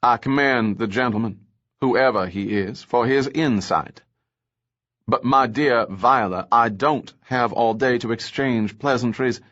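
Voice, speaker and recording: A man's voice: mid-range voice, measured pace, a bit bright, muffled recording, natural voice. A man playing a languid, menacing villain. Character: cold, languid male villain, pleased with himself.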